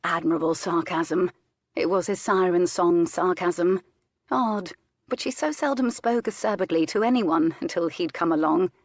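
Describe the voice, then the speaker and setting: A woman narrating an audiobook in a measured, expressive way. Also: fairly low pitch, no echo.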